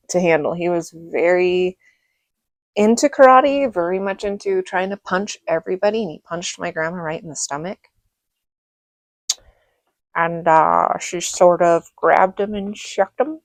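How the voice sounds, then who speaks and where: A middle-aged woman from Reno telling rambling stories about her childhood, laughing often and filling pauses. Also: lowish voice, no echo. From Reno, Nevada. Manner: rambling, chatty, laughs often, many fillers. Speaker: vlogger. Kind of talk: casual storytelling monologue.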